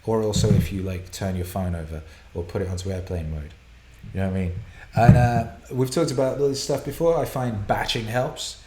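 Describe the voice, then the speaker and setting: Swearing, excitable man on a live stream. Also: on the low side, brisk, hardly any pauses, echoey room, a little hiss or hum. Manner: excitable, heavy swearing, laughs and rambles. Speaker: host of a live viewer Q&A broadcast. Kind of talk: casual live-stream chat, reading viewer questions. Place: home studio room.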